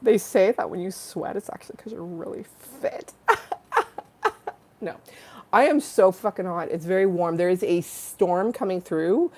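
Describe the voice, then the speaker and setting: Woman, livestream host; low voice, giggly, rambling, profane. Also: measured pace, a little mellow. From Los Angeles-based. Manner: rambling, giggly, profane, breaks into sung bits. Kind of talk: casual livestream chat. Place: home in a hot room with a fan.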